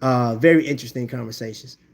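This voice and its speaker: A man from Indiana hosts a live stream at a collectors' event, talking fast in a gravelly, mid-range voice. He's laid-back and chatty, calling people "bro" and "man" constantly.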